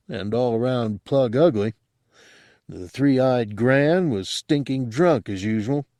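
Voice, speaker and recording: A man narrating an audiobook in a gruff first-person storytelling manner. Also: medium pitch, mellow, no echo, studio quality.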